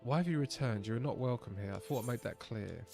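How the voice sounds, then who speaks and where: A grave, weary old rebel leader from a fantasy game, voiced by a man. He speaks slowly and solemnly, in a middling male voice, with soft music faintly underneath. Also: medium pitch, gravelly, natural voice. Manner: solemn, measured reading.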